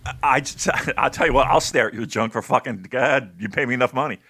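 An American man co-hosting a wrestling podcast in a casual chat, excitable and joking, cursing now and then. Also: mid-range voice, fast talker, breathy edge. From United States. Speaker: podcast co-host.

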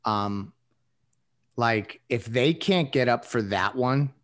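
A man's voice: medium pitch, animated, slow pace. Rambling man talking basketball. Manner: rambling, thinks aloud with many hedging fillers. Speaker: sports podcast co-host. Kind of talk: casual basketball analysis.

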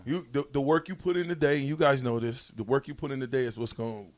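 A man's voice: mid-range voice, fast talker. A man hosting a sports radio show, teasing his guests in casual banter. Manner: teasing, animated, joking.

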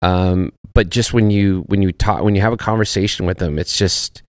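A man's voice: low voice, steady tone, normal speed, no echo, clean studio sound. A man talking as a podcast guest in casual chat, laid-back and profane, searching for his words. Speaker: podcast guest, actor and former soldier.

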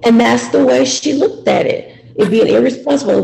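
Brief: woman participant, very gravelly, mellow tone, reflective testimony. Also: fairly high pitch, lively intonation, a little fast, few pauses, poor audio. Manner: reflective, hesitant. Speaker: seminar participant. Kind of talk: personal testimony.

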